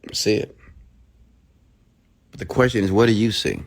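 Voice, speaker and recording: A middle-aged man giving a motivational monologue, emphatic and swinging from hushed near-whispers to shouts. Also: on the low side, lively intonation, moderate pace, vocal fry. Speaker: motivational speaker.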